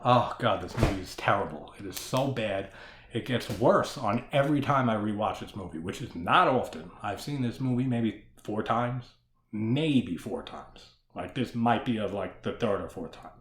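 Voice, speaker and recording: A man's voice: fairly low pitch, roomy sound. A man giving a casual solo discussion of a horror film, ranting with plenty of swearing and frequent laughter. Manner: profane, ranting, laughs often.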